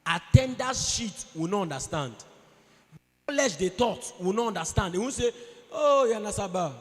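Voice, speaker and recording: A man with a Nigerian accent delivers a preachy motivational talk, acting out quoted voices as he goes. His voice sits high and he talks with lots of energy. The sound rings with the long reverb of a large hall. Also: animated, normal speed, fairly bright tone. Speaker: conference speaker. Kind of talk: motivational speech. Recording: echoey hall.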